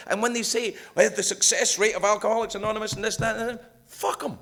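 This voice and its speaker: A man's voice: sits high, steady tone, fast talker, gravelly, hardly any pauses. A man speaking candidly at a recovery meeting, swearing freely and joking with the room. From United States. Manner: swears freely, jokes, shifts between loud bursts and quiet asides. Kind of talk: personal recovery talk, profane and candid. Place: meeting hall with audience.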